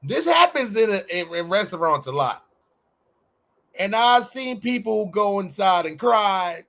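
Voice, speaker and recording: A podcast host, a man with a high voice, chatting loosely and joking. He slows down and stretches words out when he wants to make a point. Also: big pitch swings, creaky, a bit bright. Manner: loose, joking, drawn-out emphatic delivery. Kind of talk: casual chat.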